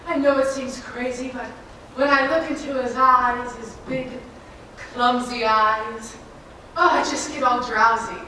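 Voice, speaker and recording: A woman's voice: fairly high pitch, steady tone, a little slow, long pauses, noisy background, natural voice. A young woman playing a drowsy, worldly chaperone in a school stage musical, dry and languid. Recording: echoey hall from far off.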